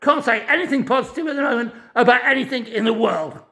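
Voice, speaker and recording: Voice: mid-range voice, quick pace, pushed and bright. A speaker giving a distressed, angry rant to camera, swearing constantly and stammering over restarted phrases. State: distressed and furious. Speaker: vlogger living in a hostel. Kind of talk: angry ranting monologue.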